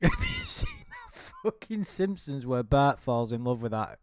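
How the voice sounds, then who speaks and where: A man's voice: medium pitch, wildly swooping pitch, measured pace, dry recording. A man giving casual, rambling commentary while reading out a chat log, full of swearing, restarts and laughter.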